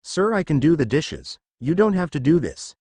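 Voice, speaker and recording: A polite, earnest teenage boy from a fan fiction story, read out by a man. His voice rises and falls in a lively way and sounds dry and close. He stammers a little when he gets flustered. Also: a little high, normal speed, breathy edge, no echo, voice pushed up. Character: shy polite teenage boy hero, eager.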